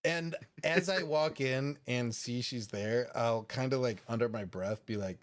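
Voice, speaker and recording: Playful, laughing tabletop player. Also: male voice, mid-range voice, a little slow. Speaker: player and show host. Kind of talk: live-play tabletop game chat.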